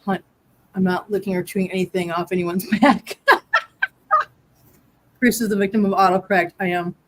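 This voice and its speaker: A woman's voice: mid-range voice, little pitch movement, moderate pace, slight background noise. A woman hosting a casual live-stream chat from home, laughing often and cooing at her cats. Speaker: host.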